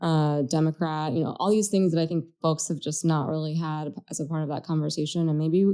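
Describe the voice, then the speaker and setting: A woman's voice: sits low, steady tone, fairly quick, mellow. A woman co-hosting a political podcast, talking in an earnest, reflective way and thinking aloud as she goes. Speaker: podcast co-host. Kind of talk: casual political chat.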